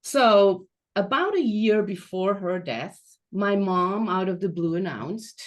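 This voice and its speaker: Slow, reflective woman telling a story. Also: mid-range voice, animated. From Switzerland. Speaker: guest speaker, transition coach. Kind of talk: personal storytelling talk.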